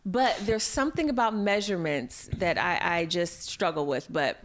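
A woman chatting casually, easygoing and quick to poke fun at herself. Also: fairly low pitch, a little hiss or hum. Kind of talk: casual chat.

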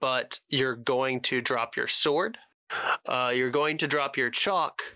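A man running a tabletop game as game master, narrating at a relaxed, measured pace with frequent fillers. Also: medium pitch, clean tone, no echo.

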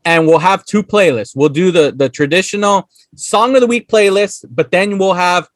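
A man co-hosting a podcast in casual chat, animated and laughing often as he acts out scenes. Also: high-pitched, normal speed, no room sound, clean studio sound. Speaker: podcast co-host. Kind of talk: casual chat recapping a show.

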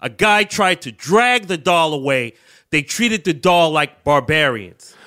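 A man co-hosting a comedy podcast, telling stories in profane, animated casual banter. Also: a little high, unhurried. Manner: profane, laughing, animated storytelling. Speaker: podcast co-host.

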